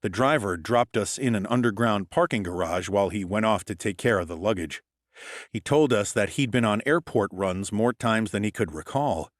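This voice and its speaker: Low-voiced wry hardboiled male narrator. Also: no echo, clean studio sound. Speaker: audiobook narrator. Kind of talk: scripted first-person narration.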